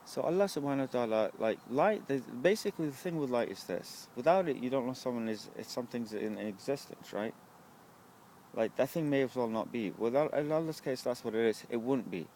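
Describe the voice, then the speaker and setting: A man's voice: mid-range voice, expressive, a little fast, a little mellow, a little hiss or hum. A young man, rambling to the camera at a bus stop, swearing often and asking "right?" a lot. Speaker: vlogger.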